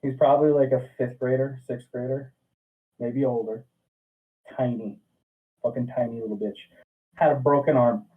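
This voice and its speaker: A man's voice: medium pitch, moderate pace, pauses often. Swearing man telling a story over a tinny line. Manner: profane, animated storyteller acting out quotes. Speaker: podcast guest. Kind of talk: casual storytelling. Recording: distant, phone-like sound.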